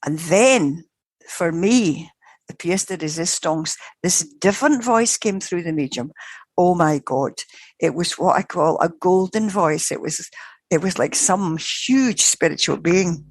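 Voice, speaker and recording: An older woman, a psychical researcher, telling a story in a lively, rambling way that keeps correcting itself. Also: fairly low pitch, a little slow, slightly rough, no room sound. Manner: animated, digressive, self-correcting. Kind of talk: conversational storytelling.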